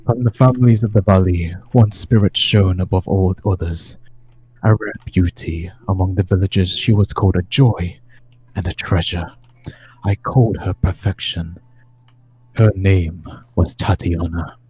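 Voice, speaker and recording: A man's voice: sits low, steady tone, unhurried, a little mellow. A man reading aloud as an ancient, brooding male vampire lord, giving a solemn first-person diary account in a tabletop game.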